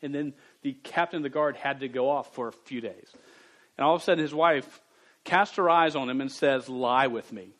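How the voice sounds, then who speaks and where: Lively preacher, man. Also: a little high, a little fast, rough recording. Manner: lively, jumps from quiet reading to loud bursts; stammers on words. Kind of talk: sermon to young people.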